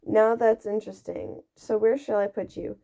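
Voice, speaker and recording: A woman's voice: medium pitch, moderate pace, creaky, mellow, close to an everyday voice. A woman voicing an old talking magic hat that muses slyly and draws out its words, on a dull lo-fi recording. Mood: musing.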